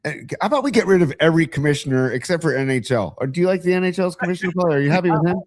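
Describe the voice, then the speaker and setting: A man's voice: a little high, very fast, no room sound, studio quality. A man co-hosting a sports podcast, teasing his partner in a playful way during casual chat. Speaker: podcast co-host.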